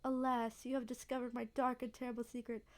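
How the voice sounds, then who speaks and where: A woman's voice: a little high, level tone, fast talker, close to an everyday voice. A woman voicing a cheerful, teasing young small-town woman, reading game dialogue with a playful, dramatic delivery. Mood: friendly.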